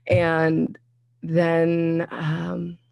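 A woman in her thirties telling a candid personal story in conversation, animated, laughing often and acting out her own past thoughts. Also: low-pitched, extremely slow, vocal fry. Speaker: guest sharing a personal story.

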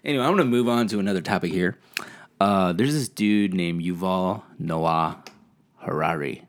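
A man's voice: low voice, normal speed. A man hosting a casual monologue, rambling in a laid-back, profane way.

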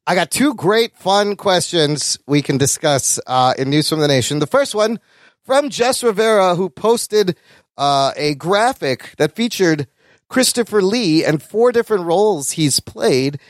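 A man hosting a casual podcast chat, animated and swearing freely as he reads listener questions. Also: high-pitched, unhurried, dry recording. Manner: animated, swears freely, bursts of mock voices. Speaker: podcast host.

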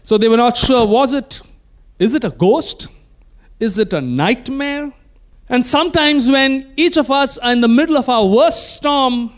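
High-voiced preacher, emphatic. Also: male voice. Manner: emphatic, calls the congregation to repeat phrases. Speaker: pastor. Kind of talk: sermon.

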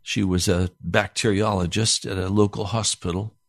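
A pastor telling a personal story in an animated sermon. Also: male voice, lowish voice, moderate pace, vocal fry, no echo, clean studio sound.

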